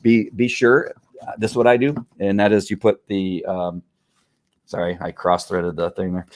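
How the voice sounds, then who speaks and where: A man's voice: sits low, level tone, normal speed. A man chatting casually on a live stream, rambling through a product review with restarts and chuckles.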